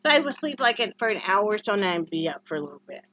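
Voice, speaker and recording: A woman's voice: mid-range voice, very animated, quick pace, fairly bright tone. A woman from Wyoming chatting casually in a home vlog, rambling and short on sleep, who often slips into fond baby talk with her dog. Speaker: vlogger. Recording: dull lo-fi home recording.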